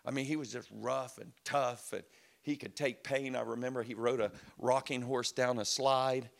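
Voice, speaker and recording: A man's voice: mid-range voice, steady tone, normal speed, gravelly. A middle-aged man preaching a sermon, telling stories in a chatty way and acting out quotes. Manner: conversational storytelling with laughs and acted quotes. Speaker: pastor.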